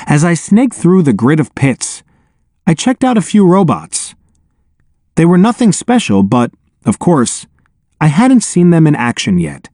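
A man narrating an audiobook in an expressive, wry first-person telling, on a close studio mic. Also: a little high, measured pace, no room sound.

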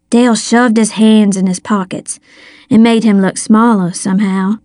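A woman's voice: medium pitch, a little slow, no echo, studio quality. A woman narrating a first-person audiobook in a folksy, wry storytelling manner.

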